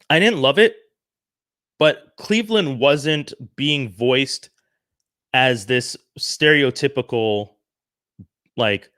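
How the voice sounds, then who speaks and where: A man from Canada giving an earnest, animated opinion monologue, often restarting his sentences. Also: a little high, no echo, studio quality. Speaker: commentary vlogger.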